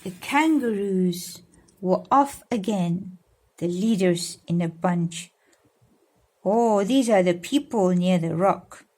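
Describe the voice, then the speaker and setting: Lady reading a bedtime story to the kids, slow and gentle, stops to ask them stuff. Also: mid-range voice. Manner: warm, coaxing, explains and asks children questions. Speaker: godmother reading to children. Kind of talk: reading a storybook aloud to children.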